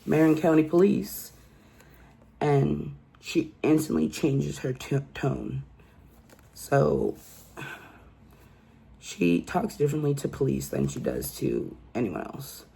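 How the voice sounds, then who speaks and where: A woman's voice: very deep voice, expressive, takes it slowly, creaky, pauses often, mellow, slightly rough. A woman hosting a casual true crime recap and telling the story in a chatty, incredulous way.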